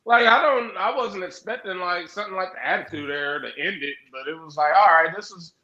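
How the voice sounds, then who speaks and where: A man co-hosting a wrestling podcast, excitable, profane and quick to laugh. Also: high voice, reverberant, dull audio. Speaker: podcast co-host. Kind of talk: casual wrestling chat.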